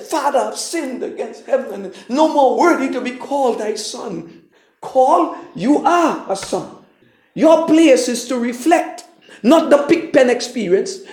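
A preacher reading scripture slowly, then preaching with big swings between loud calls and hushed asides, retelling the story in voiced quotes for the congregation. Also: high-pitched. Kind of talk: sermon. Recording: echoey room.

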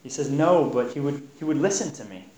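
A man's voice: mid-range voice, lively intonation, brisk, a little mellow, a little hiss or hum. Earnest man teaching scripture, echoey room. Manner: earnest, repeats words while pleading passages. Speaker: Bible teacher. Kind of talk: Bible study teaching.

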